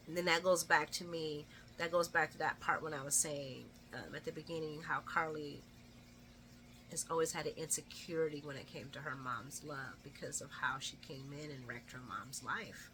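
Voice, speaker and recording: A woman with a bright, forceful voice chats through a soap opera recap. She is animated and laughs a lot, with a faint hiss under her voice. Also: low voice, moderate pace. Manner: chatty, animated, laughs often. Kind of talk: casual chat recapping an episode.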